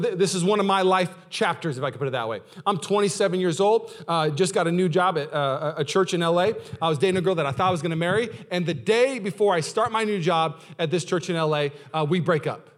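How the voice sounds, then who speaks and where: Animated pastor preaching. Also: male voice. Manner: animated, swings from loud and high to low and quiet; conversational, asks the audience questions. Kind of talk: sermon.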